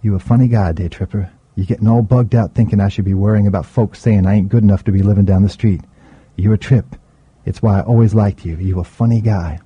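A man's voice: fairly low pitch, fairly even intonation, fast talker, slightly rough, no room sound, highs cut off. A man voicing a graying, streetwise older man who talks in a laid-back, teasing drawl.

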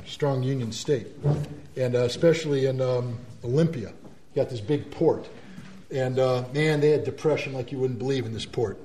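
A man giving an animated talk to an audience, emphatic and quick to mimic the people he describes. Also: mid-range voice, a little hiss or hum. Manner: animated, emphatic, repeats words, mimics others' voices. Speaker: speaker. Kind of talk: speech to an audience. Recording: roomy echo.

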